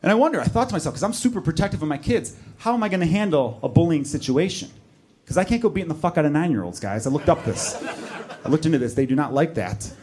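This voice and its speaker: A man's voice: fairly high pitch, animated, quick pace, darkish tone. A man doing a stand-up set, telling a blunt, escalating story about being a protective father of two boys. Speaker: stand-up comedian.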